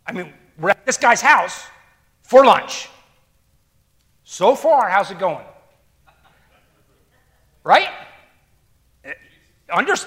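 A man's voice: very high-pitched, a bit bright. A man preaching a sermon, reading scripture and commenting with emphatic rhetorical questions and repetition.

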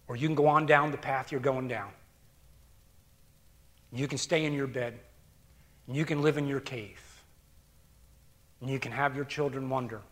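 A middle-aged pastor delivers an earnest sermon in a mid-range voice, sinking to hushed near-whispers before rising into loud, emphatic bursts.

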